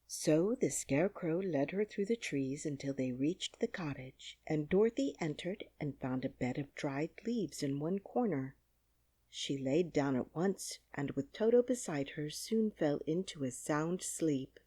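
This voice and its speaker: A woman narrating a classic children's audiobook with an expressive storytelling reading, on a close studio mic. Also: sits low, measured pace, slightly rough, no room sound.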